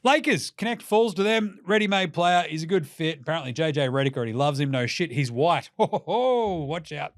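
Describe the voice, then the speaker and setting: An Australian man riffs through basketball talk in a loose, joking way, swearing freely and slipping into mock voices. His voice sits a little high for a man. The sound is dry and close, with no room echo. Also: a little fast, few pauses. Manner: profane, jokey, animated, mocks teams in put-on voices. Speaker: basketball podcast host. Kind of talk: casual solo commentary.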